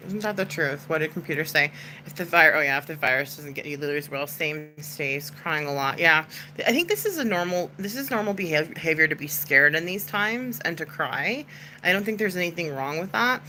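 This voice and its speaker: A woman's voice: fairly low pitch, lively intonation, normal speed, bright, forceful tone, slight background noise, low-quality recording. A woman hosting a casual livestream chat, talking to viewers in a chatty, comforting way with lots of "like" fillers.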